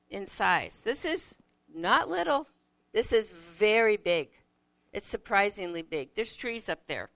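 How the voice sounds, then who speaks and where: A woman giving a reflective Bible teaching, unhurried and searching, often asking the listener questions. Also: a little high, fairly bright tone, clear, resonant tone, no echo.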